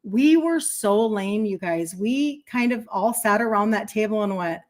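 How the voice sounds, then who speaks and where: A woman's voice: medium pitch, measured pace, a little mellow. A woman in her fifties, a health coach hosting a livestream, telling a chatty story in a casual way and breaking off to thank viewers. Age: 50s.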